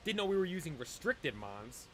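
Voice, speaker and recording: A man's voice: fairly high pitch, big pitch swings, normal speed, bright, forceful tone, a little hiss or hum. A man chatting casually on a live stream, rambling and talking straight to his chat. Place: cold room at home.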